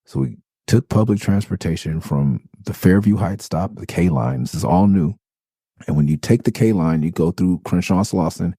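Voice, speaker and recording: A man's voice: deep voice, animated, moderate pace, gravelly, mellow, slightly rough, no room sound. A middle-aged man from Los Angeles hosting a podcast, telling a loose, profane, rambling story with many restarts. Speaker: podcast host. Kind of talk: casual storytelling monologue.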